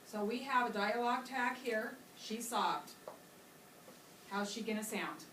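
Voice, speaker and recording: A woman's voice: a little high, unhurried. Woman teacher, patient classroom explainer, picked up from afar in an echoey room. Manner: patient, explanatory, models voices for children. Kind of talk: classroom reading lesson. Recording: echoey classroom from far off with loud noise.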